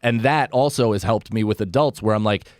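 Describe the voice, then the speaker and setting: A man's voice: fairly low pitch, brisk, dry recording, clean studio sound. A man, a comedian, talking candidly and with plenty of swearing in a casual podcast chat. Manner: candid, profane, self-deprecating. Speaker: comedian guest.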